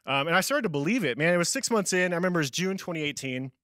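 A man's voice: on the high side, lively intonation, racing, a bit bright, no room sound, studio quality. A young man giving a casual youth sermon as a youth pastor, telling stories on himself with a self-deprecating, laughing manner.

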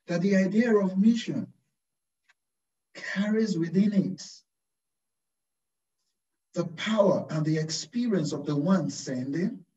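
A man, a Carmelite priest, preaching a slow, deliberate sermon full of rhetorical questions. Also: high-pitched, warm tone. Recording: distant, roomy, dull-sounding recording.

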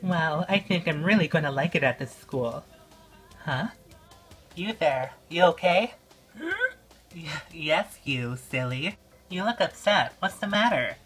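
A woman's voice: low-pitched, animated, measured pace, soft background music. A woman voicing Catty Noir, a kind teen pop star. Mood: friendly. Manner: warm, coaxing, upbeat. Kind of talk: doll play voice acting.

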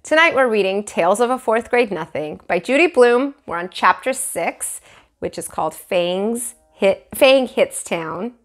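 A woman teacher reading a children's book aloud to her class. Her narration is expressive, with a lively, animated pitch, at a middle height. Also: moderate pace. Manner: warm, expressive storytelling.

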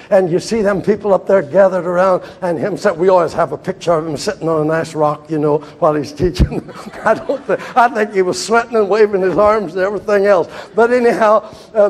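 Older male preacher, husky, very lively delivery, storytelling sermon style. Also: sits high. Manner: animated storytelling preacher, swings from loud to hushed. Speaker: evangelist.

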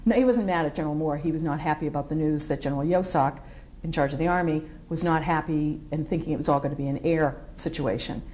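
A woman's voice: low-pitched, quick pace, a little hiss or hum. A middle-aged woman, a military veteran, recalls her service in an oral history interview, telling stories with animation and acting out what others said. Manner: animated storyteller, acts out quotes, digressive.

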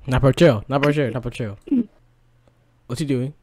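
A young man chatting casually as a gaming channel host while he plays, breaking into laughs and excited exclamations. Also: medium pitch, moderate pace. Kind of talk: casual gameplay chat.

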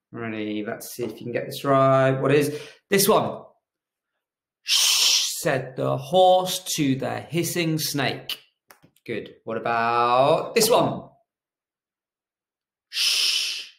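A man's voice: medium pitch, vocal fry, fairly bright tone, roomy sound. A man teaching a children's phonics lesson, encouraging and asking them to repeat after him.

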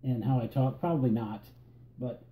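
A man with a Northern Virginia accent reading an accent tag word list in a relaxed, halting way and often repeating words. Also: medium pitch, roomy sound. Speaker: vlogger.

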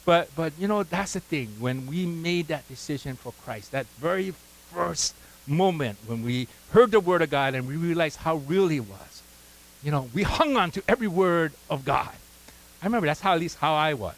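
A man's voice: on the high side, lively intonation, normal speed, rough recording. A pastor preaching a sermon, conversational and full of "right?" asides, prompting his congregation to call out words.

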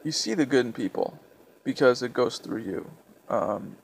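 Young guy talking to camera, gravelly voice, stops and restarts a lot, quiet, faint hiss behind. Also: mid-range voice, lively intonation. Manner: halting, hesitant, with many restarts. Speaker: vlogger. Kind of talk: personal reflective storytelling.

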